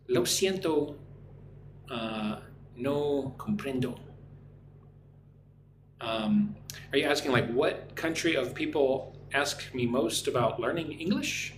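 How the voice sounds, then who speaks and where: A man from Texas hosting a live online English lesson, reading out viewers' chat comments and explaining words slowly, often checking in with "right?". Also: fairly high pitch. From Texas, United States. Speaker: English teacher hosting a livestream. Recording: roomy echo with faint background noise.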